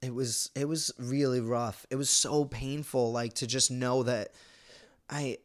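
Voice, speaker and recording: A man's voice: mid-range voice, steady tone, a little slow. A young man co-hosting a podcast, talking in a casual, emotional way with many restarts and self-blame. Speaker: podcast co-host. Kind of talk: casual chat.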